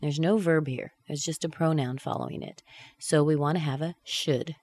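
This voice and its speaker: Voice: medium pitch, fairly even intonation, moderate pace, a little mellow. An English pronunciation teacher leads a lesson. The teacher models short question tags one by one, with rising and then falling intonation. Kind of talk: pronunciation lesson with repetition drills.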